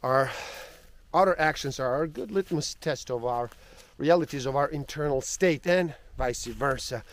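A man narrating spiritual stories and reflections in an earnest, sometimes softly dropping voice. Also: medium pitch, normal speed. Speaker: storyteller and spiritual speaker.

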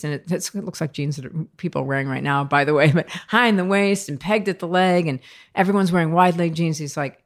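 A low-pitched American woman recounts stories as a podcast guest. She talks in an animated, conversational way and often laughs mid-sentence. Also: fairly quick. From United States. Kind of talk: conversational storytelling interview.

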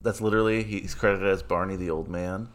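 A man co-hosting a casual film podcast, relaxed and chatty, laughing often. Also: sits low, fairly quick. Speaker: podcast co-host.

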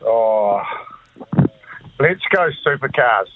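A man's voice: mid-range voice, lively intonation, extremely slow, phone-quality sound, noisy background. A man with an Australian accent calling in to a radio quiz, cheeky and chirpy. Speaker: caller.

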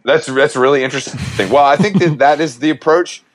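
Teasing, foul-mouthed podcast co-host. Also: male voice, on the high side, a little fast. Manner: profane, teasing. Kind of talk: casual chat.

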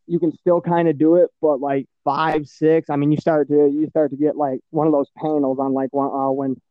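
A man's voice: on the high side, level tone, moderate pace, no echo, narrow, tinny audio. A man from Michigan with a Midwestern American accent, hosting a podcast in casual, profane, rambling chat full of fillers. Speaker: podcast host.

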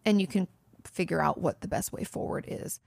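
A woman's voice: fairly low pitch, brisk, creaky, a little mellow, no echo. A woman therapist hosting a podcast, answering listener questions in an earnest, direct way, speaking straight to the listener and often restarting her sentences. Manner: restarts and self-corrections.

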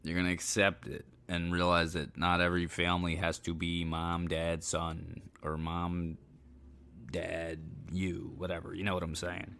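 A man's voice: low voice, completely flat delivery, measured pace, gravelly, fairly bright tone, clean tone. A tired man talking casually on his solo podcast, rambling loosely and swearing now and then. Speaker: podcast host.

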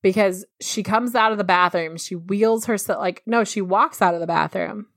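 A woman's voice: mid-range voice, normal speed, a bit bright, no room sound, clean studio sound. A woman co-hosting a podcast in casual chat, animatedly recapping a show, acting out quotes and swearing casually. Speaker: podcast co-host.

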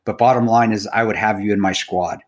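A low-pitched middle-aged man in casual podcast chat. He tells his stories with animation, swears freely and calls his co-host bro and dude. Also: steady tone, brisk.

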